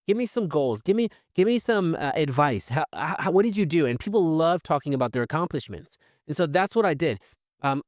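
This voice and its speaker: A man's voice: a little high, no echo, clean studio sound. A man hosting a solo podcast, talking casually with fillers and restarts and acting out the conversations he describes. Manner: animated, acts out quoted conversations. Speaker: podcast host.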